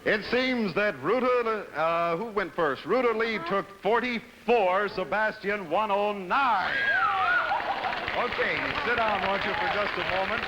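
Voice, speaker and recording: A man hosting a TV game show, brisk and cheerful as he calls up contestants and reads the scores. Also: high voice, lo-fi sound. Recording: 1960s TV broadcast, loud studio audience and noise.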